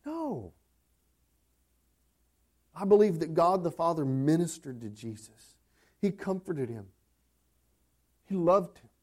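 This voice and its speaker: A man preaching to his church in a high, light voice. He takes his time, drawing out each phrase. He drops to near hushed tones, then climbs back up with passion. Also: expressive, unhurried, pauses often. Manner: preaching with sweeping swings from hushed to impassioned. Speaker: pastor. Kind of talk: sermon.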